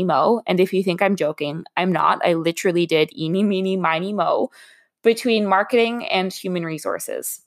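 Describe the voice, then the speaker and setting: Young woman, recruiter, podcast host, solo monologue, candid, self-deprecating, medium pitch.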